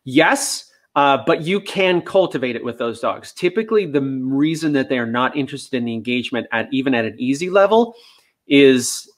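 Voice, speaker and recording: A man, a dog trainer, answering viewer questions in a relaxed, chatty live-stream style with many fillers. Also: mid-range voice, normal speed.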